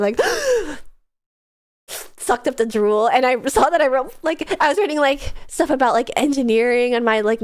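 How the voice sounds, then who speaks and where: A young woman streamer with a stuffed-up nose from a cold, rambling casually to her chat with lots of fillers and giggles. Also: a little high. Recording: soft music behind.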